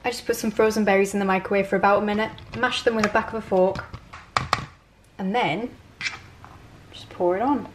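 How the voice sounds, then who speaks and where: A woman's voice: mid-range voice, fairly even intonation, brisk, pauses often, echoey room, background noise. A young woman walking through recipes in her home kitchen, chatty and self-mocking. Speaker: cooking vlogger. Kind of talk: casual recipe walkthrough.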